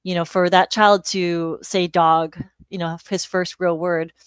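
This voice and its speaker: A woman in her forties, a speech-language pathologist guest, explaining calmly and informatively. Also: on the low side, unhurried, smooth, no echo. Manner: calm, informative, with "you know" fillers. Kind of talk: explanatory interview talk.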